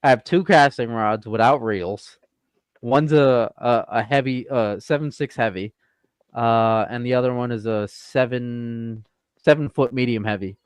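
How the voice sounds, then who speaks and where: Animated stammering man telling a story. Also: medium pitch, measured pace, smooth, no room sound. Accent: New England. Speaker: podcast co-host. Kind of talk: casual storytelling chat.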